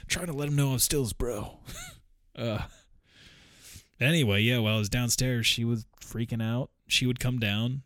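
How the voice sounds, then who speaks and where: A man's voice: mid-range voice, moderate pace, a bit bright, no room sound, studio quality. A man telling a rambling, profane story in a casual vlog, often chuckling.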